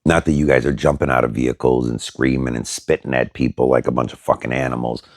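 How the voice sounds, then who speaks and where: A man's voice: a bass voice, flat delivery, quick pace, darkish tone, dry recording, clean studio sound. A middle-aged man telling a story casually to his viewers, blunt and profane, with many fillers. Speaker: vlogger.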